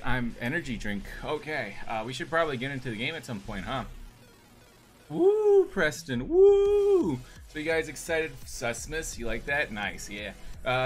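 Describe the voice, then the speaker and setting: A man's voice: mid-range voice, a bit bright. Upbeat male streamer greeting chat. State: hyped on energy drink. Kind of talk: casual live-stream chat.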